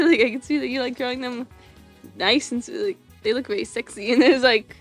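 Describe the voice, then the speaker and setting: Young adult woman, high-pitched, casual livestream chat, rambling with restarts, soft background music. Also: moderate pace, pauses often. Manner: rambling, giggly, lots of fillers and restarts. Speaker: animation streamer. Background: faint music.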